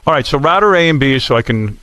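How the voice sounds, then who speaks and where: A radio host running a quick tech check with his crew, impatient and directing people. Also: medium pitch, expressive, sharp tone, dry recording. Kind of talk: casual studio tech check. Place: radio studio.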